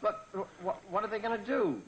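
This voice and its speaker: A man's voice: sits high, brisk, close to an everyday voice. A man playing a harried grown son who tries to placate his mother on the phone in a classic comedy sketch. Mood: exasperated. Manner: exasperated, placating, sheepish. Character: harried adult son, rocket scientist. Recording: old recording with heavy hiss.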